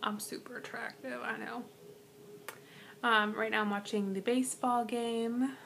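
A young woman vlogging casually from her bedroom into an iPad, rambling with lots of "like" and soft whispered asides. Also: on the high side, level tone, a little slow, gravelly, a little hiss or hum. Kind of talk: casual chat to camera. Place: bedroom at home. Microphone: iPad propped on bed.

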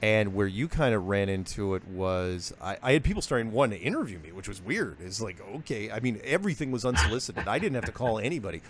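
A man's voice: fairly low pitch, fast, hardly any pauses, noisy background. A man being interviewed, telling his story casually and acting out what others said. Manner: animated, acts out quoted voices. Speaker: interview guest.

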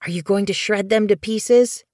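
A woman voicing an eager little male kitten who keeps asking excited questions in an audiobook. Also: mid-range voice, normal speed, no echo, clean studio sound, voice pushed up, close to an everyday voice. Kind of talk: audiobook character voice.

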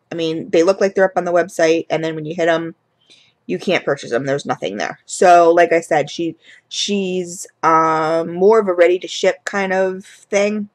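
Chatty woman rambling through a haul. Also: on the low side. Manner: chatty, rambling, many fillers and restarts. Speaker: vlogger reviewing candle products. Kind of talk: casual haul review.

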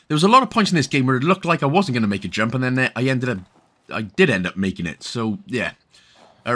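Welsh guy chatting thru a game walkthrough, bright voice, pitch bouncing all over, jokey and rambly. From Wales. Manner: rambling, jokey, self-correcting. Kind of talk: casual gameplay commentary.

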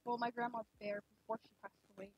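A young woman streaming a game, chatting casually and rambling with lots of fillers, gushing excitedly at times. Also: a little high, quick pace, a little hiss or hum. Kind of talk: casual live-stream chat. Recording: dull lo-fi stream mic.

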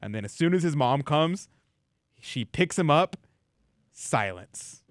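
A man hosting a talk radio show, relaxed as he tells stories and reads listener messages. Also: a little high, takes it slowly, no room sound, studio quality. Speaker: radio host. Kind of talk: casual talk radio chat.

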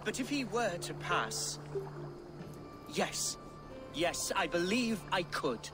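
A man's voice: high voice, sing-song, slow pace, over music, heavily acted. An actor playing a boastful, flowery young male nobleman in a video game, speaking in a pompous, theatrical manner. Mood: grandiose.

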